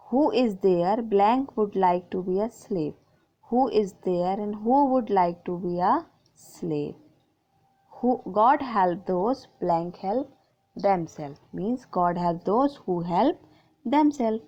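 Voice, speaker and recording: A woman's voice: mid-range voice, slow pace, warm tone, lo-fi sound. A woman teacher with an Indian English accent, patiently working through grammar exercises from a school book, reading out sentences and repeating the answers. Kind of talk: explaining textbook grammar exercises.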